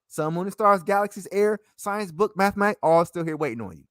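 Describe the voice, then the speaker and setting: A man in a rambling casual monologue, swinging between loud and soft. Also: high-pitched, animated, brisk, few pauses, no echo, studio quality.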